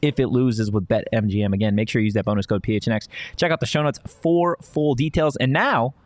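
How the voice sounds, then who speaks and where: A man's voice: mid-range voice, fairly quick, no room sound. A man co-hosting a sports podcast, chatting in an upbeat, reassuring way and reading ads. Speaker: podcast co-host. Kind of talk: casual sports podcast chat and read ads.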